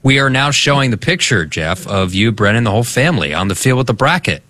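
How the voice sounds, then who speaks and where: A man's voice: medium pitch, sing-song, fast talker, bright, forceful tone. A man co-hosting a sports radio show, joking with wry banter. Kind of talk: casual sports talk.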